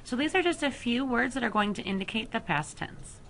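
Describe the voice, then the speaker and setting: A woman teacher explaining a Spanish grammar lesson to her students, slowing down to spell out each verb form. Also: fairly high pitch, lively intonation, creaky, a bit bright, slight background noise. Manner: slow, careful explanation with deliberate pauses over verb forms. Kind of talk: recorded flipped-classroom lesson.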